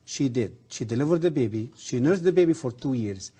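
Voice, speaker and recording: Earnest man, husky voice. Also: medium pitch, lively intonation, dark tone. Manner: earnest, halting non-native English with rising emphasis. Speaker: guest, former professor. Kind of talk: religious TV interview.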